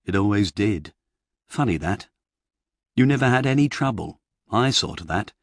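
A man voicing a flustered writer who talks in a fussy, rambling, exasperated way, pitched up from his reading voice, in an audiobook. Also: expressive, moderate pace, dry recording, studio quality. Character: flustered middle-aged male fantasy writer.

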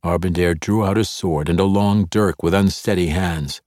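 A man narrating a fantasy novel in a steady, measured way on a close studio mic. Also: sits low, no echo. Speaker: audiobook narrator.

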